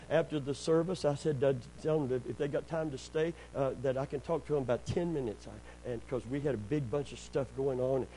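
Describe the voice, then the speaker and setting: A middle-aged pastor, preaching in a folksy storytelling way, sprinkling in amens and praise God, and rising loud and high when he gets worked up. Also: slight background noise, poor audio. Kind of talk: sermon.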